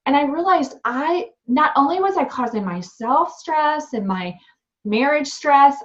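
Animated young mom telling her story. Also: high voice, unhurried. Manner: animated, candid, many fillers. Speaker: guest, restaurant owner. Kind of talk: storytelling interview. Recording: dull lo-fi sound.

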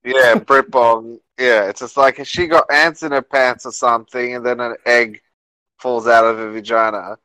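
A man's voice: medium pitch, steady tone, moderate pace, sharp tone, dry recording, low-quality recording. A man hosting a casual chat, crude and joking and laughing often.

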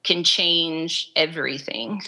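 A woman's voice: sits low, slow pace, pushed and bright, low-quality recording. A woman speaking as a guest in a conversational podcast interview, explaining in an earnest way with lots of "like" and "um". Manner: earnest, explanatory, filler-heavy with "like" and "um". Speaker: guest expert on restorative practice.

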